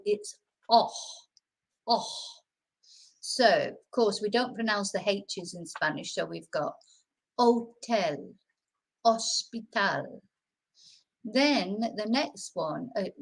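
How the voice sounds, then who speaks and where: A woman gives a relaxed live lesson on Spanish vowels in a mid-pitched voice. She talks in a loose, chatty way, trips over her restarts, then draws each example word out slowly and carefully. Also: vocal fry, breathy edge, low-quality recording. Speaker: Spanish pronunciation teacher. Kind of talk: live-streamed casual lesson.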